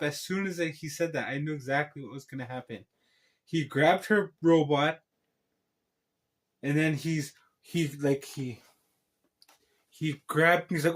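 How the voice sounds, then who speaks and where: A man's voice: fairly high pitch, measured pace, long pauses. A man giving a casual spoken film recap as a reviewer, rambling through a tangled retelling full of restarts.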